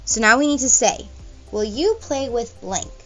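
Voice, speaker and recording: A woman teaching a grammar lesson to young students, patient and explanatory, slowing down to spell out example sentences. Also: fairly high pitch. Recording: dull lo-fi recording with faint music.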